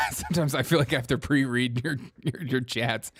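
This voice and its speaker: A man's voice: medium pitch, moderate pace, noisy background. A man hosting a comedic political commentary show who laughs often and mocks freely while reading out chat comments. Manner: laughs often, mocking and irreverent; reads chat comments aloud. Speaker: show host.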